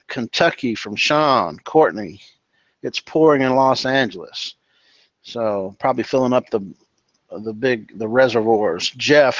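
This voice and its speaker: A man's voice: medium pitch, no echo, lo-fi sound. A man hosting a live online webinar, casually reading out viewer greetings and chatting, calling people brother and dude. He is from California. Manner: relaxed and chummy, calls people brother and dude. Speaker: webinar host.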